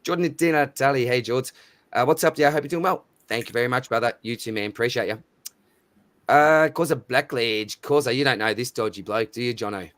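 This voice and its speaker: A man's voice: medium pitch, fairly quick, fairly bright tone, dry recording. A man with an Australian accent hosting a live stream in casual chat, matey and chatty as he reads out viewer names. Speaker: livestream host.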